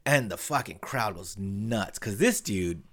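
A man's voice: lowish voice, unhurried. A young man co-hosting a casual podcast, telling a story with lots of swearing and acted-out quotes. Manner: animated storyteller, swears freely, acts out quotes. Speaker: podcast co-host.

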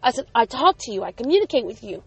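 A woman's voice: on the high side, big pitch swings, fast, vocal fry, faint music behind, rough recording. A woman, likely in her forties, candidly telling a personal story as a mother, earnest and emphatic as she recalls her own firm words.

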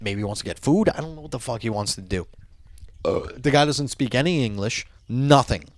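A man telling a profane, animated story in casual chat. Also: mid-range voice, brisk, no room sound.

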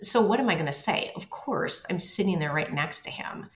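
Woman guest, low voice, halting personal storytelling, repeats words, roomy echo. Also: animated. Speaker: interview guest.

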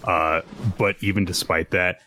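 Male podcast co-host, deep and bright-edged voice; relaxed, halting commentary. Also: slight background noise. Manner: thoughtful, hesitant with fillers and restarts. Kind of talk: casual chat.

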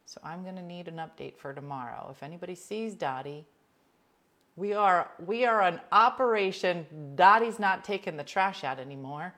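A woman with a slightly low voice hosts a casual livestream, reading out viewer comments and answering each person by name. She talks bluntly and with a joking edge, jumping from loud outbursts to quiet asides. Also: moderate pace. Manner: chatty, blunt, jokey, addresses viewers by name.

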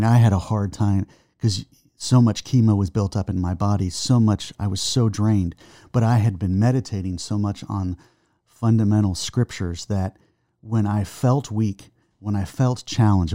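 A middle-aged man giving an earnest faith testimony in conversation, halting and restarting, reciting verses slowly. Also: fairly low pitch, dark tone, dry recording, clean studio sound. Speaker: guest, son of the host.

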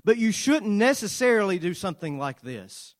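A pastor preaching to his congregation, earnest, with dramatic swings between loud emphasis and soft, quiet lines, and playful asides. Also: sits high, sing-song, moderate pace. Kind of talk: sermon.

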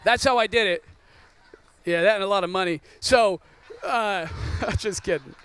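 A man's voice: high voice, normal speed, a bit bright, clear, resonant tone. A man in his thirties, a pastor, preaching a sermon and telling a joking personal story.

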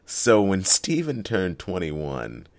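Podcast co-host, man, very low voice, lively storyteller who laughs a lot. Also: slow. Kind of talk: casual chat.

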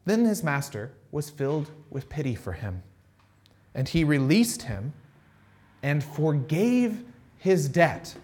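A man preaching a casual, conversational sermon, retelling a Bible story with animated asides and frequent check-ins with listeners. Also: fairly high pitch, slow pace. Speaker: pastor.

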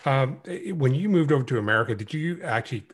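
A man's voice: mid-range voice, animated, fast, breathy edge. A male podcast host asking a long, hesitant question full of fillers. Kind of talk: interview questioning.

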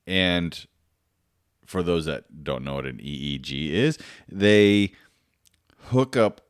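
A man's voice: low voice, animated, takes it slowly, clean tone, no echo, studio quality. A man casually telling a personal story, rambling and self-deprecating, with lots of fillers, restarts and swearing.

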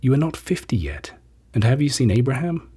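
A group of indignant men firing back challenges, as a male reader puts them on. The voice is a touch higher than his narration, still mellow and very husky. The tone stays combative and incredulous. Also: very animated, a little fast. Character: a crowd of arguing men, indignant. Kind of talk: scripture reading.

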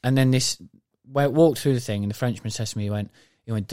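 A man chats casually as a podcast co-host. He tells his stories with animation and swears freely. His mid-pitched voice sits dry and close to the mic. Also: fairly quick, mellow, no room sound. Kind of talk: casual chat.

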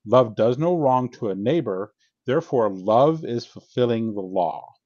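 A man's voice: mid-range voice, animated, unhurried, darkish tone, no room sound, muffled recording. Earnest man explaining scripture. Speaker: podcast guest, author. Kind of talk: casual theological discussion.

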